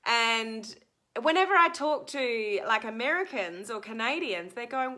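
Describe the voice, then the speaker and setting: Chatty middle-aged Australian woman, bright tone, live-stream coach answering viewers. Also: fairly high pitch, animated, measured pace. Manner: chatty, answers viewer comments, frequent ums. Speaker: social media coach.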